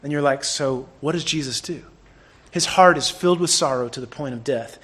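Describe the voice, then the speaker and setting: Animated high-voiced male preacher. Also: moderate pace, husky. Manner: animated, conversational preaching with swings between loud and hushed. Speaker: pastor. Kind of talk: sermon.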